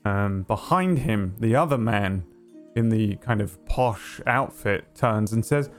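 A man narrating as game master for a tabletop game, halting with many pauses. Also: lowish voice, soft background music. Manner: halting, full of ums and uhs.

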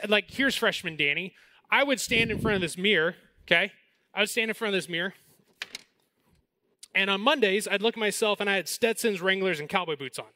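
Pastor, man in his 40s, lively storyteller, high bright voice, dry sound. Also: no room sound. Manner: animated storytelling, then slows and softens for the message. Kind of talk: sermon.

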